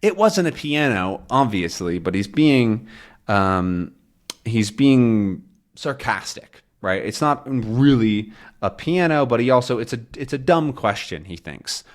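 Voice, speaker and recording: A man's voice: mid-range voice, big pitch swings, unhurried. A young man teaching English, explaining a comic story in simple words with plenty of fillers.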